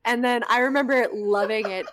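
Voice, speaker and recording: A woman's voice: fairly high pitch, a little fast, a little hiss or hum. A young woman hosting a podcast, telling a casual story with lots of swearing and frequent laughter. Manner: animated, swears freely, breaks into laughter. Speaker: podcast host.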